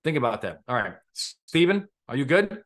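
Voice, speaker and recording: A man hosts a live legal training for police over an online call. He lectures in a casual, chatty way at a middling pitch. He keeps throwing questions back at his listeners. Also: big pitch swings, normal speed, a bit bright. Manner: conversational, quizzes the audience with questions.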